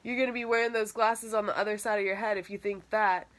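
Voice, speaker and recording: A woman's voice: mid-range voice, moderate pace, a bit bright, lightly acted. A woman voicing a cocky teenage boy soccer star in an audiobook, speaking in swaggering, mocking street talk. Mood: taunting. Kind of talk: audiobook character voice.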